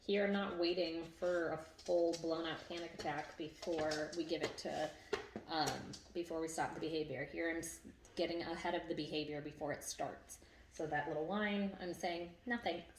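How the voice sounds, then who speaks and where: A woman's voice: deep voice, fairly even intonation, normal speed. A woman in a casual vlog, explaining how she trains her dog and cooing praise at it, recorded indoors at home. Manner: chatty, self-deprecating, coos praise at a dog. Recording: echoey room with faint noise.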